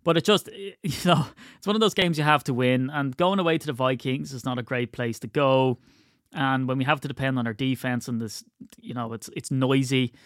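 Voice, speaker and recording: A man's voice: medium pitch, fairly even intonation, moderate pace, a bit bright, no echo. Chatty man, dry close mic. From United Kingdom. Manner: chatty, opinionated, wry asides. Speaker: podcast host. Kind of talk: casual solo commentary.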